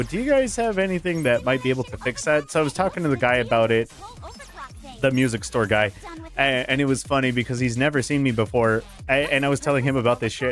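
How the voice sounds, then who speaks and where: Casually chatting on his home stream, this man tells lively stories, swears casually and laughs frequently into a dynamic studio microphone. His voice is mid-range and a bit bright.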